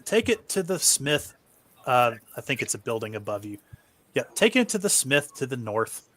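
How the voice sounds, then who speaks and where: A man's voice: mid-range voice, sing-song, normal speed, fairly bright tone. A man narrating as game master for an online tabletop game in a laid-back, easygoing way. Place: home setup, online stream.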